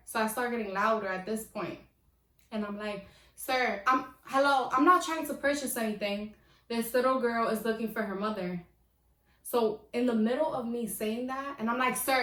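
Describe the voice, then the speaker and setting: Chatty young woman telling stories. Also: on the high side. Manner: animated, chatty, slangy, laughs at herself. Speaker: vlogger. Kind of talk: casual storytelling. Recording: echoey room, voice from a distance.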